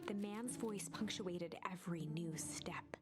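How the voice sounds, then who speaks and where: A woman streamer reading a visual novel aloud in hushed, whispered narration. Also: lowish voice, a little slow. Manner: hushed, breathy storytelling. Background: music.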